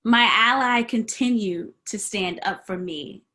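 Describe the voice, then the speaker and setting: Unhurried and sharp-toned, a guest preacher's mid-range voice fills a church sanctuary as she tells her sermon as a personal story. She dramatizes the people in it, acting out their voices and dropping into whispers.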